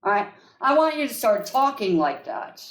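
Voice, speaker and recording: A woman's voice: fairly high pitch, big pitch swings, normal speed, roomy sound. A woman hosting a live coaching call as an energy healer, emphatic, repeating affirmations in a chanting rhythm.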